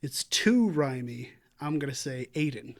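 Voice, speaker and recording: A man's voice: medium pitch, expressive, unhurried. A man co-hosting a casual podcast, guessing quiz answers in a rambling, jokey way full of fillers. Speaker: podcast co-host and quiz player.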